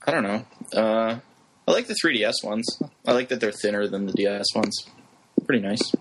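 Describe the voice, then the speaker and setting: Low-voiced, measured man. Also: fairly bright tone, a little hiss or hum, poor audio. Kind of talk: casual chat about video games.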